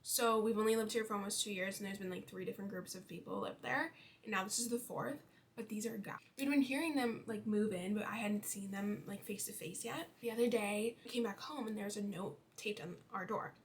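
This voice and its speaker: A woman's voice: mid-range voice, fairly quick, a little hiss or hum. A woman in her twenties chatting casually about her life while doing her makeup, full of fillers. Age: 20s. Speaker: beauty vlogger.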